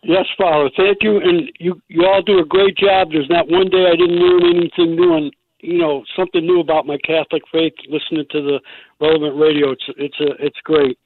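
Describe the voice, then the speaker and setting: An earnest male caller with a gravelly, fairly high voice, heard over a tinny phone line. A faint hiss sits under his words. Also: fairly quick. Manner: earnest, appreciative. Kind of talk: call-in radio talk.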